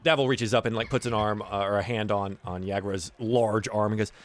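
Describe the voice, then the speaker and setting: A man's voice: on the low side, fairly even intonation, a little fast, hardly any pauses. A man narrating a tabletop game as game master, casual and loose with many filler words.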